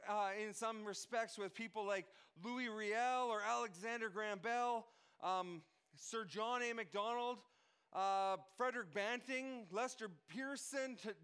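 High-voiced, smooth-toned male pastor. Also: pushed and bright. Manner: earnest, repeats and restarts phrases, lists names. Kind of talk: sermon.

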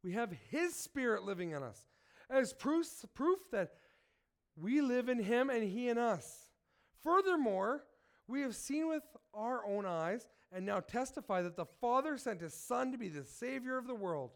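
A man's voice: extremely high pitch, very animated, unhurried, gravelly. A man who is sick, reading scripture and preaching, earnest and asking his listeners direct questions. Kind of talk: sermon with Bible reading.

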